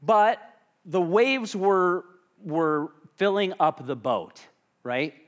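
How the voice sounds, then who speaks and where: Lively conversational male pastor preaching. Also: high-pitched, very slow. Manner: conversational, asks the congregation questions. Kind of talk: sermon.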